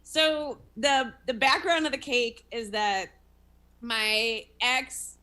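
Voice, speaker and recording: A woman's voice: on the high side, slow pace, sharp tone. A young woman comedian, a guest on a video call, telling a personal story frankly with self-mocking asides. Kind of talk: candid interview storytelling.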